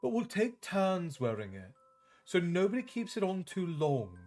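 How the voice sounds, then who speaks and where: A man reading aloud, putting on the voice of a brisk, impatient teenage witch girl who sounds urgent and bossy. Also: high voice, wildly swooping pitch, a little mellow, soft background music, pitched above the performer's own voice, heavily acted. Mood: insistent.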